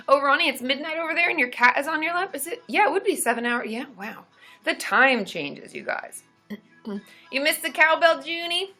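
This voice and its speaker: A woman's voice: lively intonation, moderate pace, soft background music. A woman in her thirties chatting casually on a live stream, greeting viewers by name and still groggy from waking up. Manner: chatty, greets viewers by name, loud high whooping cheers. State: just woken up, voice still groggy. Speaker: therapist hosting a live stream.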